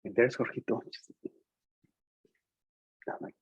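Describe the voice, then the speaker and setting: A man, a preschool teacher, telling a classroom story to educators in an animated way, switching between English and Spanish. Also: medium pitch, normal speed, long pauses, husky, dry recording, poor audio. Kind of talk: storytelling presentation.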